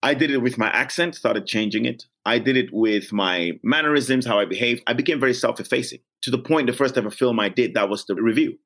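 A man's voice: mid-range voice, brisk, few pauses, a bit bright. A man from Gambia, an actor, speaking candidly and reflectively as an interview guest in a blunt, earnest way.

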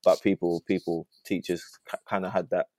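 Deep-voiced man, dry sound. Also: little pitch movement, a little mellow, no echo. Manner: halting, with many restarts and fillers. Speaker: podcast guest. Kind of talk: casual conversational interview. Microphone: laptop on a video call.

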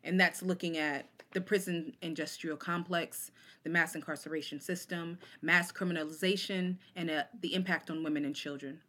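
A woman poet in her forties, a guest on a talk show, telling stories in an animated, casual way and acting out the voices of people she quotes. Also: sits low, normal speed. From Oakland, California. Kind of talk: casual interview storytelling.

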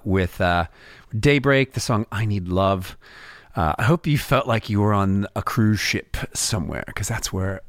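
A man's voice: fairly low pitch, no room sound, clean studio sound. A man hosting a radio music show, chatting loosely between songs with lots of fillers and chuckles. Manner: laid-back, rambling, many fillers and chuckles. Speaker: radio DJ host.

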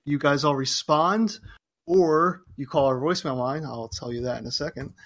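A man's voice: fairly high pitch, normal speed, a bit bright. A man hosting a podcast, reading listener mail in a loose, joking way. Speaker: podcast host. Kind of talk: casual podcast chat.

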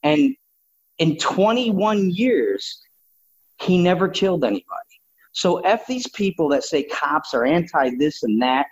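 A man's voice: fairly high pitch, animated, unhurried, slightly rough. A man talking bluntly and combatively, swearing freely in casual opinionated talk. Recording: dull lo-fi sound.

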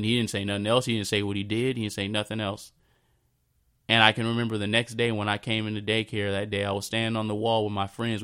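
Man in his thirties, personal storytelling, low voice, smooth and clear tone, halting and repetitive delivery. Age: 30s. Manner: halting, repeats himself, drifts into a soft low voice.

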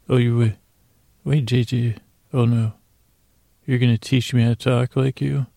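A podcast host with a mid-range, creaky, mellow voice rambles playfully through a casual thank-you segment, thanking listeners and talking to imaginary creatures. His delivery is flat and measured. There's no room sound.

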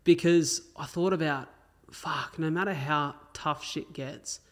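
An Australian podcast host chats casually, sharing personal stories in an earnest, open way with some swearing. His voice is fairly high and a little slow.

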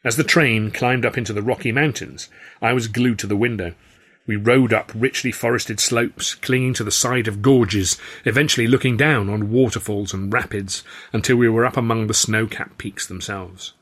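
Male author reading his own first-person novel, husky, wry. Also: fairly low pitch, fairly even intonation, normal speed, fairly bright tone. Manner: wry, storytelling. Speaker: author and narrator. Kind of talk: audiobook narration, first person.

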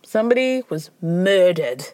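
A woman's voice: on the low side, lively intonation, measured pace, dark tone. A woman impersonating a male TV host with an attempted Scottish accent, making a solemn, theatrical announcement.

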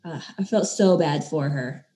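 A woman's voice: low-pitched, measured pace, dark tone. A woman in a casual book discussion who reacts in an openly emotional, empathetic way. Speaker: book club member.

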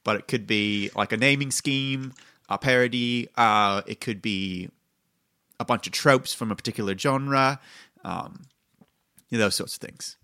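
A man's voice: mid-range voice, unhurried, sharp tone, dry recording, clean studio sound. A man hosting a tabletop game podcast, explaining rules in a rambling, self-correcting way. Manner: affects an odd mixed accent in his intro. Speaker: podcast host and game master. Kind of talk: casual podcast chat.

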